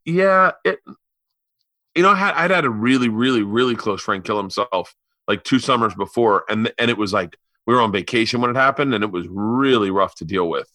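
This podcast host, a man in his forties, talks briskly at a medium pitch. As an animated storyteller in casual conversation, he performs the voices of the people he quotes, and the studio-quality recording has no room sound.

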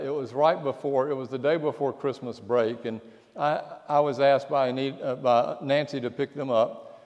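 A pastor delivering a sermon, telling stories and dropping to a hush at the key lines. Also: male voice, medium pitch, muffled recording. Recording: long church reverb.

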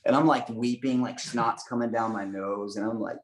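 Young adult man, from the United States, animated storyteller, lowish voice, roomy echo. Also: quick pace, hardly any pauses, slight background noise. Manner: animated, emotional storyteller with many fillers. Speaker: guest missionary. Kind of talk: storytelling testimony.

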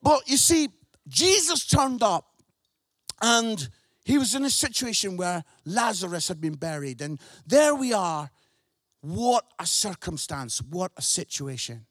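A Scottish man preaching to a church congregation with a strikingly high voice. He talks in an animated, emphatic way and keeps checking in with his listeners. The sound is close and dry, with hardly any room around it. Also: unhurried, no room sound. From Scotland. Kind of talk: lively sermon.

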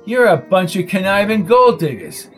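A man reading a crime story aloud, voicing a hot-tempered, fiercely loyal mobster who curses and shouts. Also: high voice, very animated, normal speed, faint music behind, voice pushed up. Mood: contemptuous. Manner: angry, cursing, loud outbursts.

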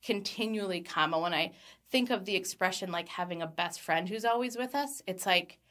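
A woman's voice: on the low side, moderate pace. Earnest woman giving a devotional talk. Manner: earnest, warm, laughs lightly between thoughts. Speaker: Christian speaker. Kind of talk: devotional talk with scripture reading.

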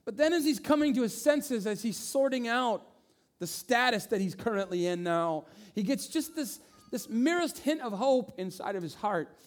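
A man in his forties preaching a sermon, telling stories in an animated way and voicing the people in them. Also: very high-pitched, normal speed. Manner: animated storytelling with voiced asides. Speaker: pastor.

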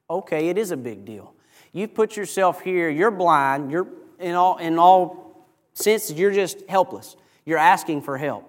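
A man preaching a sermon in a church, retelling a story in a lively, animated way. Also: high-pitched, measured pace, long reverb tail. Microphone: microphone over PA.

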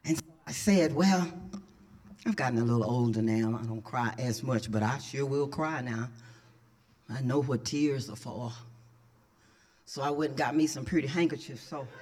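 A middle-aged woman pastor preaching an impassioned sermon, dropping to whispers and then rising to shouts. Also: very deep voice, normal speed, pauses often.

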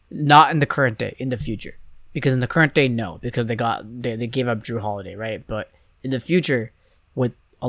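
A young man chatting loosely on a sports podcast, circling back and restarting his sentences as he thinks aloud. His voice sits at an ordinary pitch, recorded dry and close with no room sound. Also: a bit bright, no echo. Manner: rambling, hesitant, many restarts and fillers. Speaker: podcast co-host. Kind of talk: casual sports chat.

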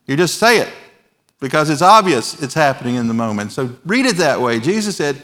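A man's voice: mid-range voice, very animated, normal speed. Pastor, male, 40s, mid-range voice; earnest, emphatic sermon delivery in a large church. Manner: earnest, emphatic preaching with quiet, softened endings. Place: large church with overflow rooms.

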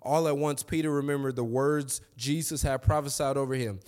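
A man's voice: medium pitch, normal speed, hardly any pauses. Young man preaching a chatty sermon. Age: young adult. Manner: conversational, animated storytelling with asides.

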